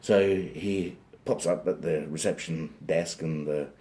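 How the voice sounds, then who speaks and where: A man's voice: a bass voice, fairly even intonation, takes it slowly, warm tone. A man telling a long joke in a rambling style full of digressions and dry asides. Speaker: joke teller. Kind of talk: rambling comic storytelling.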